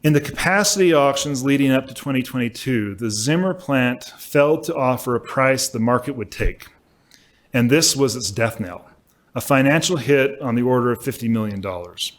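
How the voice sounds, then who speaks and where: A male law professor giving a prepared symposium lecture, measured and emphatic, with occasional self-corrections, at a podium microphone. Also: medium pitch.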